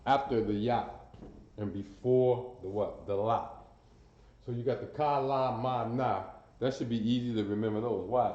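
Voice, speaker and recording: A man teaching a class at a board, drilling syllables aloud and stopping to quiz his students. He speaks slowly in a somewhat low voice and often repeats himself. The sound is roomy and a bit muffled, with a camera that he sometimes walks away from. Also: a little mellow. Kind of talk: classroom lesson.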